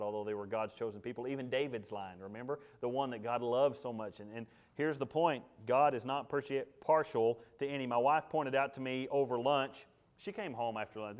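A male pastor, preaching a sermon emphatically, swinging between loud, high declarations and low, quiet asides. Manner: emphatic preaching with big swings in loudness and pitch.

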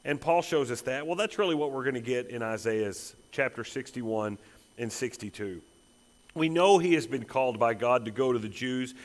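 A man's voice: mid-range voice, normal speed. A man preaching a sermon as pastor, emphatic and building to intense repeated phrases. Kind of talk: expository sermon.

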